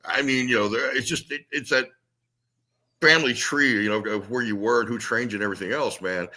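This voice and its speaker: Bright-voiced wrestler, profane and animated. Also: male voice, mid-range voice, a little fast. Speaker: pro wrestler guest. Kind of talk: casual podcast chat.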